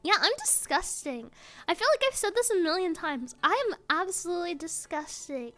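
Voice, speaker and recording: A woman's voice: very high-pitched, very animated, normal speed, fairly bright tone, soft background music. A woman streamer chatting casually to her viewers, giggling often and mocking herself with joking asides. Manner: giggly, self-mocking, jokey rambling.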